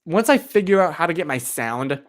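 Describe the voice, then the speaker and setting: A man speaking a little fast, his slightly high voice full of lively intonation, live-streams from a cold room using a streaming microphone. He rambles casually with many "like" fillers and replies directly to viewer chat.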